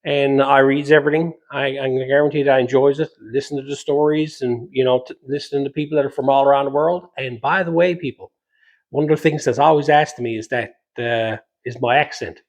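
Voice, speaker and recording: A man's voice: medium pitch, steady tone, fairly quick. Newfoundland man chatting from his garage. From Newfoundland, Canada. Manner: rambling, homespun, with dialect verb forms. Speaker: metal fabrication channel host. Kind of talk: casual chat answering viewer questions. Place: home garage workshop.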